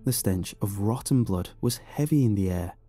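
Dramatic, husky horror narrator, male, with lively delivery and faint music underneath. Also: on the low side, normal speed, no echo. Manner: expressive, dramatic reading. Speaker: storyteller.

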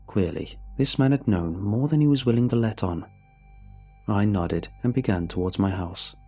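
Man, low mellow voice, husky, measured somber horror narration, faint music behind. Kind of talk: scripted horror story narration.

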